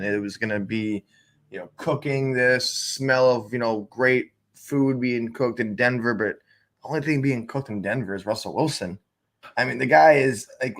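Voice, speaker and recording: A man co-hosting a fantasy football show, ranting in an animated, exasperated way with big jumps in pitch. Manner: exasperated, uses cooking metaphors. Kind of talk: animated sports chat.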